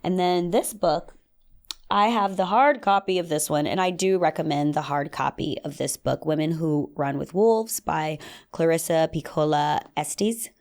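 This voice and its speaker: A young adult woman talks through a solo podcast episode in a lower-pitched voice. She stays casual and animated, and now and then slips into playful voices to act out little scenes. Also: a little slow. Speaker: podcast host.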